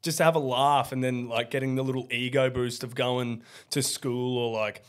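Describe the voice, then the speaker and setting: A hoarse young man in his twenties with a raspy voice, chatting loosely as a podcast guest, full of fillers. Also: medium pitch, fairly even intonation, normal speed. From Australia. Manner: loose, rambling, many fillers. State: hoarse from partying. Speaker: guest comedian. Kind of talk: casual podcast chat. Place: rented co-working room, not soundproof.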